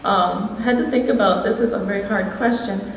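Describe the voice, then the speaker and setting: A woman from Wisconsin with a Midwestern accent giving a reflective, gently humorous award speech as an alumni inductee. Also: mid-range voice, fairly quick, slight background noise. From Wisconsin, USA. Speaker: alumni hall of fame inductee. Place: large school hall. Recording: echoey hall, voice from far off.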